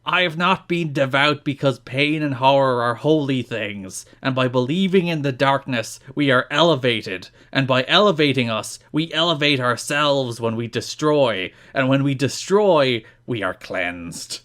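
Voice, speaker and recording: A man impersonating a brooding male wrestler, reciting a dark promo in a slow, solemn, overdramatic way. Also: medium pitch, natural voice.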